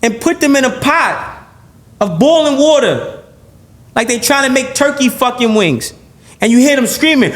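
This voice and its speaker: A man being interviewed on a podcast, talking in an animated, blunt and profane way, often repeating and restarting his phrases. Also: extremely high pitch, normal speed. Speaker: podcast guest.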